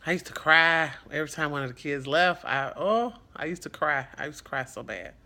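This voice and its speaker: A man's voice: on the high side, expressive, fairly quick, bright, forceful tone. A man who is a foster parent, talking in an earnest, reflective and rambling way in a casual vlog.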